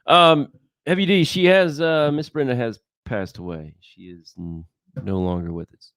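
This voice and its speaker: A man's voice: medium pitch, normal speed, a bit bright, clear, resonant tone, no room sound, studio quality. A man co-hosting a casual chat, reading out viewer questions and prompting the host.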